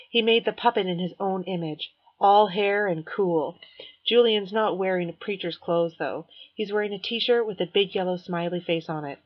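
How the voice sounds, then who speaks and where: A woman reading a novel aloud in first person as an audiobook narrator, measured and clear. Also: fairly low pitch. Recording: dull lo-fi recording.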